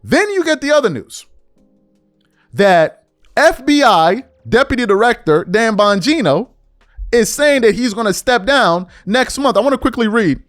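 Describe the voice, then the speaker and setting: Animated man in a dry political rant. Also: very high-pitched, measured pace, no room sound, faint music behind. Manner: animated, incredulous, rhetorical questions. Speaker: political commentary host. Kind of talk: political commentary monologue.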